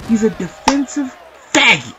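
A man giving live fighting-game commentary, boasting and trash-talking the opponent with heavy profanity, often shouting. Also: very high-pitched, very animated, normal speed, a crowd in the background. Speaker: gameplay commentator.

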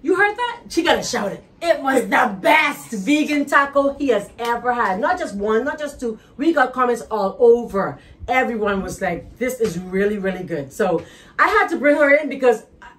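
A woman's voice: fairly high pitch, lively intonation, moderate pace, a bit bright. A Bahamian woman hosting a cooking show from her kitchen, chatting in a bubbly, teasing way. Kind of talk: lively cooking show chat. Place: home kitchen.

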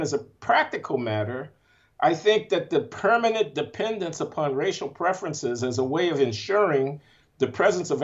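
A man's voice: on the high side, muffled recording. An older man, an economics professor, answering interview questions emphatically, with building repetition and open feeling.

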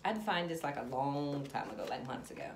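Woman, tarot reader, casual reading to camera, chatty, lowish voice, noisy echoey room. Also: lively intonation, quick pace. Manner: chatty, talks straight to viewers and to spirit. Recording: echoey room with background noise.

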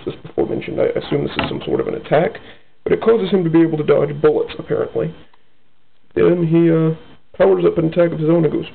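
A man's voice: a little high, creaky, slightly rough. A man casually reading his own comic aloud, with rambling asides. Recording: tinny lo-fi phone-like sound.

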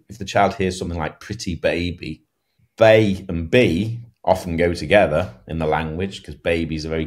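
A man taking part as the expert guest in an interview, explaining his points carefully and sometimes restarting a sentence. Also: deep voice. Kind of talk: interview answers.

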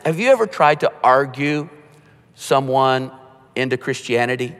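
A man preaching a sermon as pastor, conversational, with joking asides and quietly told stories. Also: medium pitch, moderate pace. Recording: long hall reverb.

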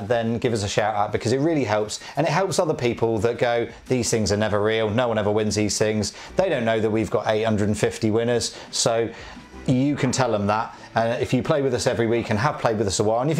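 A man's voice: medium pitch, a little mellow. Cheeky male co-host. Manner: chatty, cheeky banter. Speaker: co-host of a live prize draw. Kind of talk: casual live-stream chat.

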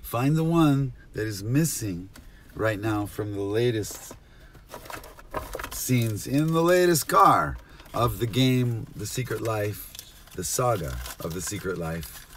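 Guy doing a rambly solo podcast from his car, voice jumps all over, bit of faint hiss behind. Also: lowish voice. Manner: scattered, jumpy, talks to absent listeners. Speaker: podcast host. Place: inside a car.

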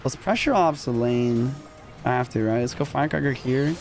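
A young man commentating his own live gameplay in casual slang, excitable and quick to yelp when rattled. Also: mid-range voice. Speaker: gaming streamer. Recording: music underneath.

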